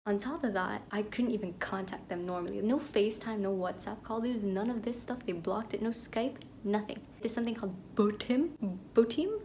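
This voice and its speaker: Young woman from Pakistan, reflective podcast monologue, candid with whispered asides, gravelly fry, faint noise floor. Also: mid-range voice, fairly quick, hardly any pauses. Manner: candid, animated storytelling with sudden whispered asides. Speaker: podcast host.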